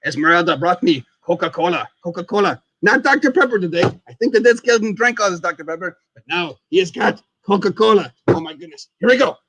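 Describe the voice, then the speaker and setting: Excitable high-voiced male stream host. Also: quick pace, hardly any pauses, no echo. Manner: excitable, keeps exclaiming, calls himself the dead skeleton in third person. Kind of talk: casual live stream chat while eating.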